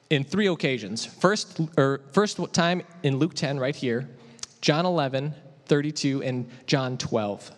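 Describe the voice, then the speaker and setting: Conversational male preacher in an echoey hall. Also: a little high. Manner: conversational, animated, asks the audience questions. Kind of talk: sermon.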